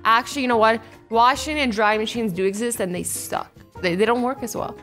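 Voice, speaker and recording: A young woman in her twenties doing a casual reaction vlog at home, bubbly and animated, acting out quick little scenarios. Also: a little high, faint music behind. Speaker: YouTuber reacting to invention ideas.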